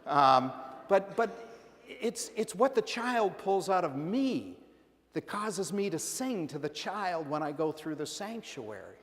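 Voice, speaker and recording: A man's voice: fairly high pitch, sing-song, slow pace, a bit bright. A middle-aged male pastor delivering a conversational sermon, acting out playful quoted voices. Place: large church sanctuary. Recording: long church reverb.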